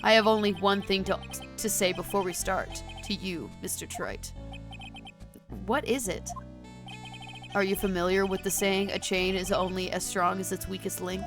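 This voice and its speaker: A woman voicing a masked older male prosecutor, smug and brooding, reading his lines slowly and theatrically for a game. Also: medium pitch, fairly even intonation, over music, close to an everyday voice.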